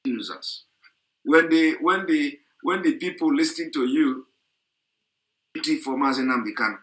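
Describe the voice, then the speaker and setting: A man's voice: fairly high pitch, normal speed, fairly bright tone, echoey room. A man delivering a heated, repetitive, scolding political rant on an online radio broadcast.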